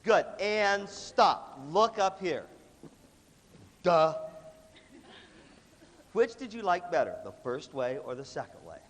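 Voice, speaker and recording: A middle-aged man leading a workshop for students, energetic and playful, often acting out other people's voices. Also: high-pitched, slow pace, long pauses. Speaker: music clinician. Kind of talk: animated workshop talk to students. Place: large hall with a live audience. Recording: hall reverb from a big room.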